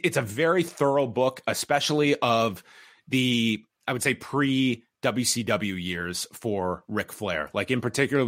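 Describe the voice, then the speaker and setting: A man co-hosting a wrestling review podcast, speaking in a measured way with frequent restarts and fillers. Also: fairly low pitch, a bit bright, no room sound, studio quality. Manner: measured, repeats words, many fillers. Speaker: podcast co-host. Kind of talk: casual wrestling review chat.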